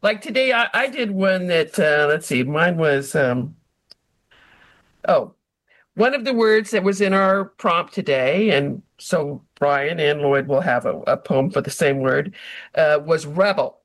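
A woman leading a haiku group, explaining their rules in a lively, rambling way. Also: low voice, a little slow, dry recording. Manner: animated, explanatory, restarts often. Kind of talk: casual group interview.

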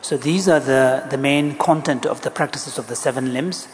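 A man interpreting a Buddhist teaching into English, explaining in a measured, deliberate way. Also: medium pitch. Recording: echoey hall, faint background noise.

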